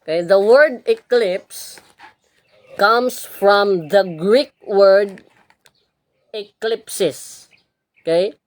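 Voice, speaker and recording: A religious teacher with a Filipino Cebuano accent delivers a lecture, repeating key words and pausing to ask "okay?" as she goes. Her medium-pitched voice draws out words, with long pauses and no echo.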